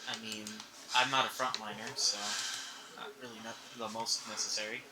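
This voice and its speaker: A man playing a tabletop game, tentative and quiet in his speech. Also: on the low side, level tone, moderate pace, crowd noise, poor audio. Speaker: player. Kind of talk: casual tabletop play.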